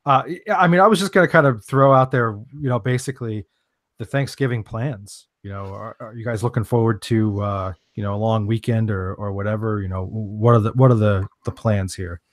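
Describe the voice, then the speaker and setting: A man's voice: fairly low pitch, fairly quick, no echo, clean studio sound. A man hosting a casual podcast, steering the talk with loose, joking, rambling remarks. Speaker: podcast host.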